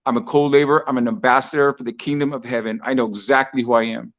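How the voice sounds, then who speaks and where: A man's voice: mid-range voice, steady tone, fast, fairly bright tone, lo-fi sound. A man giving an earnest, preacher-style testimony with many repeated phrases. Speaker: guest sharing a testimony.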